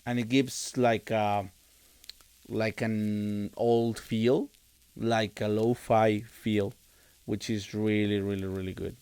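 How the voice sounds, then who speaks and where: Guy with a lowish clear voice, explaining synth pads, lots of uhs, dry close mic. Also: no room sound. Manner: relaxed, halting, many fillers and restarts. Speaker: music producer tutorial host. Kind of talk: casual screen-recorded production walkthrough.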